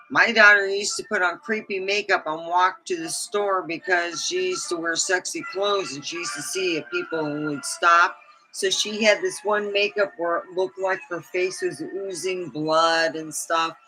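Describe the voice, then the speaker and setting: Slow-talking chatty woman host. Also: on the low side, pushed and bright, low-quality recording. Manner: chatty, laughs often, acts out quotes. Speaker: livestream host. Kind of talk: casual storytelling.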